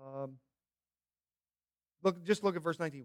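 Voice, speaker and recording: A man preaching a sermon as pastor, animated and acting out characters' voices as he teaches. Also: a little high, moderate pace.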